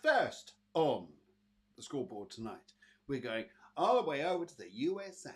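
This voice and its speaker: A man's voice: mid-range voice, sing-song, moderate pace, husky. A British man hosting a live online psychic show, chatting casually with viewers and giving readings with lots of fillers. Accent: British English. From Britain. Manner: chatty, addresses viewers by name, many fillers. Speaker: psychic medium and show host.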